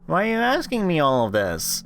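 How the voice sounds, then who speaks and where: Male streamer voicing a guilty young woman friend, higher voice, pleading, faint game music. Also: huge pitch swings, moderate pace, a bit bright, heavily acted. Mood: defensive. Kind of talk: reading a visual novel aloud.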